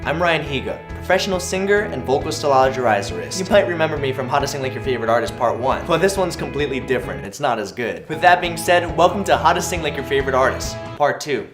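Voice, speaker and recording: A man's voice: medium pitch, expressive, fast, hardly any pauses, music in the background. A young man hosting a comedy tutorial in a mock-serious, instructional way. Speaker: comedy host. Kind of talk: deadpan comedic tutorial narration.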